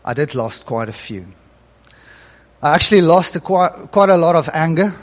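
This middle-aged preacher's high voice carries an animated sermon at normal speed, with chuckles breaking up the scripture readings. The audio has a long reverb from the church hall.

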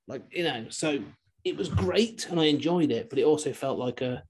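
A male podcast host talks in a loose, casual chat. His voice is husky, and his sentences ramble and restart with the odd chuckle. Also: a little high, normal speed, darkish tone. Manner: rambling, self-interrupting, chuckling.

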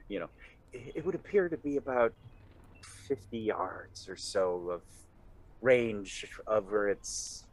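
A man playing a tabletop role-playing game, describing his character's actions and often laughing partway through a sentence. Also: fairly low pitch. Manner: unhurried, lively intonation, laughs mid-sentence. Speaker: player. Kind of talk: tabletop role-play chat.

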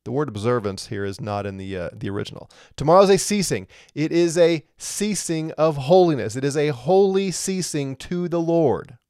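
A man's voice: a little high, normal speed, few pauses, a little mellow, smooth, no echo, studio quality. A man teaching through a Bible passage verse by verse, explaining step by step and asking rhetorical questions, with a lingering cough.

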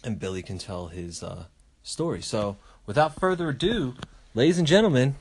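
Animated, profane storytelling man. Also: mid-range voice, moderate pace, breathy edge. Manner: animated, profane, acts out voices while telling stories. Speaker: podcast host. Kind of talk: casual storytelling chat.

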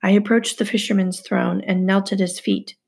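Woman narrator, husky, some fry, steady first-person storytelling. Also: medium pitch, normal speed. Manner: steady storytelling, hushed asides. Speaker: audiobook narrator. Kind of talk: first-person novel reading.

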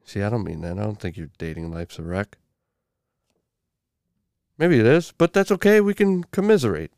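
A man's voice: lowish voice, animated, moderate pace, creaky, darkish tone, clean tone, no echo, clean studio sound. A man hosting a podcast, delivering a crude, irreverent comedic monologue full of swearing. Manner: profane, irreverent, joking. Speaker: podcast host.

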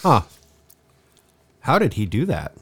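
A man's voice: lowish voice, huge pitch swings, takes it slowly, fairly bright tone, breathy edge. A man co-hosting a podcast in casual chat, teasing his partner, telling stories and laughing often. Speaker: podcast co-host.

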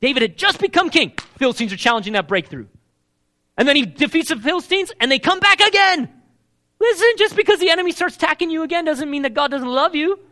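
Male preacher, sermon, very high voice, bright tone, animated questioning delivery. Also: fast. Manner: animated, asks the crowd questions, acts out quoted lines.

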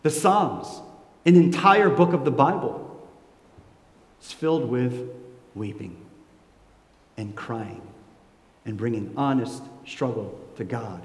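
A man in his forties preaching a sermon as pastor, swinging from soft low asides to loud, high emotional peaks. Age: 40s. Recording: echoey hall with long reverb.

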